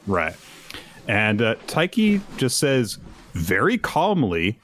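A man co-hosting a podcast, chatting casually and recapping chapters, animated and acting out quoted lines. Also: medium pitch, takes it slowly, slight background noise. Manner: animated storyteller who acts out quotes. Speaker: podcast co-host.

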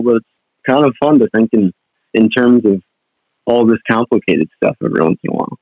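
A man's voice: mid-range voice, steady tone, brisk, no room sound. Young fishing guide guy rambling on a podcast, dry and muffled. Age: young adult. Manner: rambling, with many restarts and fillers. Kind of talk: casual podcast chat. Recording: dull dry podcast audio.

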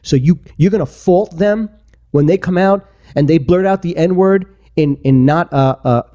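A man with a high, mellow voice co-hosts a podcast at normal speed, sharing opinions in casual chat. He makes his point in a rambling, emphatic way, full of restarts and repetition.

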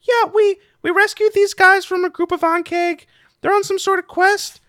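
A man voicing a friendly, nervous male underworld guide with a high, airy voice and a cautious, reassuring manner. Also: steady tone, moderate pace, bright, forceful tone, no room sound, studio quality. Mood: casual.

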